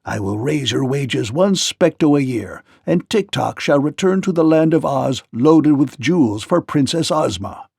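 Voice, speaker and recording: A man voicing a pompous, easily frightened fat gnome king in a storybook read-aloud, crying out in high, shaken tones. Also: lively intonation, unhurried, gravelly, few pauses, darkish tone, slightly rough, no room sound, studio quality, full character voice.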